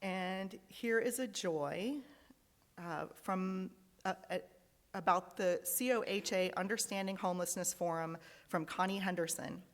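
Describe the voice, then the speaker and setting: Her voice is medium-pitched and a little slow as she reads the joys and sorrows aloud, leading a congregation service as a lay worship leader. The large fellowship hall gives a big-room sound, and her earnest delivery is emotional at times.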